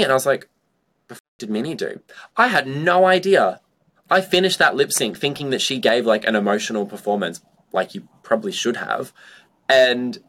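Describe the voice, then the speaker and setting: A man's voice: mid-range voice, pushed and bright. A young man, a drag performer, chatting in an interview and telling stories in a loose way, full of "like" and casual swearing. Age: young adult. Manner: chatty storytelling, heavy on "like", swears freely.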